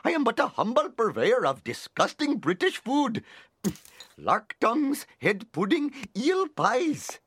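A meek, pleading cartoon shopkeeper. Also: male voice, very high voice, huge pitch swings, a little slow, fairly bright tone, husky, heavily acted. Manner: pleading, humble. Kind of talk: cartoon voice acting.

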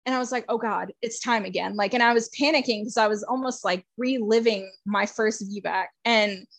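Woman, podcast guest, casual storyteller, slightly high voice, dry close sound, emotional and laugh-prone. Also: brisk, no room sound. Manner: chatty, many "like" fillers, laughs often; emotional, swings between excited and hushed.

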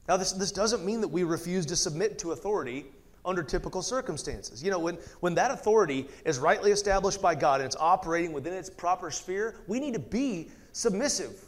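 A man's voice: high voice, animated, a little fast. A man leading a casual Bible study, reading scripture aloud and breaking off for chatty asides. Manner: conversational, laughs often, reads scripture aloud with asides. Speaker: Bible teacher.

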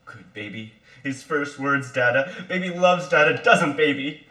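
A man's voice: fairly high pitch, lively intonation, measured pace, bright, forceful tone. A man reading a doting father who coos sing-song baby talk in an amateur play reading. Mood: cooing. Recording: echoey room.

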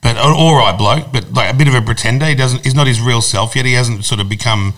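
Australian man, middle-aged, brash crude host, casual chat, mid-pitched. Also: fast, fairly bright tone. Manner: blunt, crude and boastful. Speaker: radio host.

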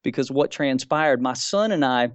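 A man's voice: mid-range voice, expressive, normal speed, clean tone, dry recording. A man in his fifties telling a personal religious experience as a debate guest, earnest and groping for words. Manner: earnest, searching for words, repeats key phrases.

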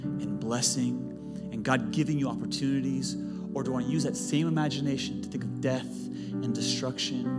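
Energetic pastor preaching in a reverberant hall. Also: male voice, medium pitch. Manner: animated, building to loud emphatic peaks. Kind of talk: sermon. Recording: long hall reverb, faint music.

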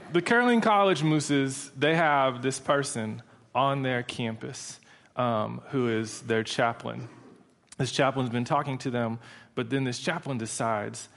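A man preaching a sermon in a humorous, conversational storytelling manner. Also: medium pitch.

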